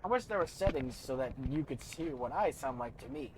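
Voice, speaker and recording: A man's voice: mid-range voice, animated, brisk, slight background noise. A young man streaming a video game, rambling through gear stats and joking about his own voice as he talks to chat. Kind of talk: casual gameplay commentary. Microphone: studio desk mic.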